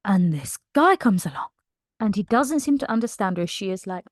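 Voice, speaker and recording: A woman excitedly recapping a novel in a casual, emotional way, laughing often. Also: mid-range voice, moderate pace, no room sound, clean studio sound. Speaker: book channel host.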